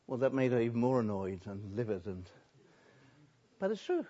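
An older man, a pastor, preaching a sermon, swinging between soft and loud and drawing out words for emphasis. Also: mid-range voice, sing-song, moderate pace, long pauses. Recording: dull lo-fi recording.

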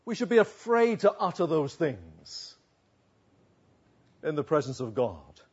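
A man preaches a sermon in an earnest way, climbing to emphatic declamation and then sinking to hushed asides. His voice is a touch husky and sits a little high. The recording sounds somewhat dull and lo-fi. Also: sing-song, a little slow.

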